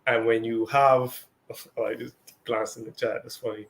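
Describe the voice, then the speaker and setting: A man's voice: medium pitch, little pitch movement, moderate pace, vocal fry. A man co-hosting a casual spiritual discussion, talking loosely with lots of fillers and acted-out quotes. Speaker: co-host.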